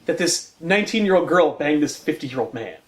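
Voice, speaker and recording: A man's voice: a little high, animated, brisk. A man co-hosting a casual comic book podcast, ranting and swearing with laughter. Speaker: podcast co-host.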